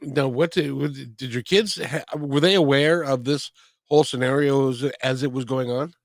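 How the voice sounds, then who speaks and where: A man hosting an interview, asking halting questions with many fillers. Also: mid-range voice, no echo, studio quality. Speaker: interviewer host. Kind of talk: casual interview.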